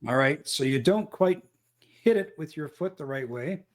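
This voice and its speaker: A man running a tabletop role-playing game as game master, describing the action with frequent pauses and fillers. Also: a little high, lively intonation. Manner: measured, thinking aloud with fillers.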